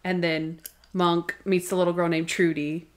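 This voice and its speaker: A woman's voice: fairly low pitch, little pitch movement, moderate pace. Chatty young woman podcast co-host. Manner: chatty, full of "like", acts out characters' lines. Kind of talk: casual chat recapping TV episodes.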